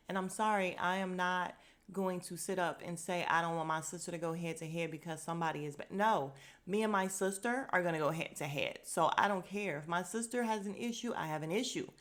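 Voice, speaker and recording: A woman hosting a podcast, recapping a reality show in casual chat, sassy and animated as she acts out what the cast said. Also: on the low side.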